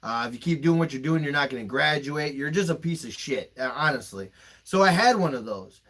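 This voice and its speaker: A young male podcast host tells personal stories candidly, emotional and emphatic, swearing freely along the way. His voice is fairly high and fairly bright, delivered briskly and with animation.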